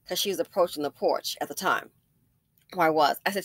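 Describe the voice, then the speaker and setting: A woman's voice: on the low side, brisk, fairly bright tone, dry recording. A woman hosting a casual commentary video, telling stories emphatically and often digressing. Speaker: commentary channel host.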